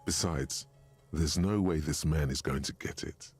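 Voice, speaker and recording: A man voicing a game's wry, measured inner-voice narrator with a knowing, dry manner. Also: a bass voice. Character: deep, dry inner voice of a detective's mind. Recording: faint game music behind.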